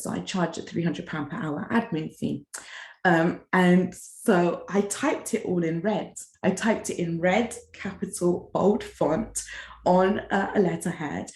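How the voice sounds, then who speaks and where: A woman tells a story casually to camera, throwing herself into the quoted lines. Her voice sits on the lower side. The room gives her words a noticeable echo. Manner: animated, acts out quoted dialogue with big pitch jumps. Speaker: bookkeeper telling a client story. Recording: roomy echo.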